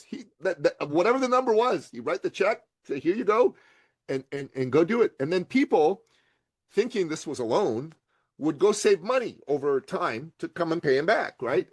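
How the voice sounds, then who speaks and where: A middle-aged man from Iran, telling stories in an interview with lively delivery, acting out other people's voices and laughing often. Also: on the high side, husky, no room sound. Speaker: podcast guest, entrepreneur. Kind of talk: animated storytelling interview.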